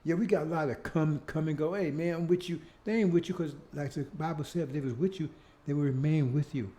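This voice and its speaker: A man with a high, mellow voice delivers a preaching monologue. He leans hard on repetition and rhetorical questions and keeps tossing out "See?" to press his point. His speech is emphatic and mocking by turns. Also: quick pace. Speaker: speaker leading his own show.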